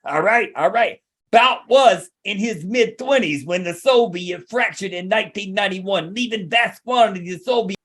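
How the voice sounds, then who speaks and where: A high-pitched man holds a blustering, foul-mouthed comic rant as a podcast co-host. He rants in a put-on accent that keeps slipping. He keeps tagging "over here" onto his lines. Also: moderate pace, a bit bright. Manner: brash, profane, blustering; repeats the tag "over here". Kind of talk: comedic rant in a put-on persona.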